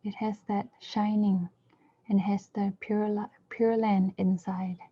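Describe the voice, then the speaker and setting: A woman interpreting a dharma talk, speaking in measured short phrases and now and then correcting herself mid-word. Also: mid-range voice, little pitch movement, mellow, slightly rough. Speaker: interpreter for a Buddhist teacher. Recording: dull lo-fi recording.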